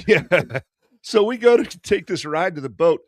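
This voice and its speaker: A man's voice: sits high, expressive, a little slow, dry recording, studio quality. A man in his fifties telling a long, profane story in casual podcast chat, slipping into the voices of the people he quotes. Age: 50s. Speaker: podcast host.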